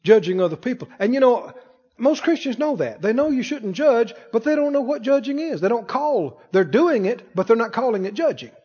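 A high-pitched male preacher delivers a forceful sermon, throwing rhetorical questions at the congregation and leading them in call-and-response. His voice rings out with a long reverb tail in a large hall. The recording itself sounds dull and muffled, with the highs rolled off. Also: lively intonation, normal speed, slightly rough. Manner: emphatic, asks rhetorical questions and calls the congregation to repeat after him. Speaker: pastor.

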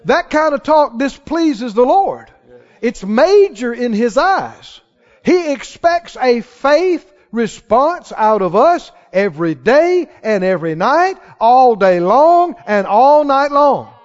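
A pastor preaches a sermon in a church sanctuary, folksy and emphatic as he builds toward exhortation. His very high-pitched voice has a sing-song quality, and he takes it slowly. The recording is dull and echoes like a church hall.

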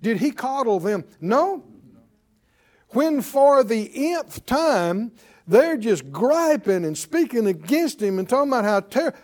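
A man's voice: sits high, big pitch swings, unhurried, a little mellow. A man preacher delivering a sermon, exhorting his congregation with rhetorical questions and often repeating words as he starts a phrase.

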